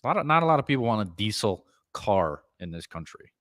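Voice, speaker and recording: Opinionated podcast co-host, man, lower voice, dry close mic, casual. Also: sing-song, fast talker, a bit bright, no room sound. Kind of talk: casual chat.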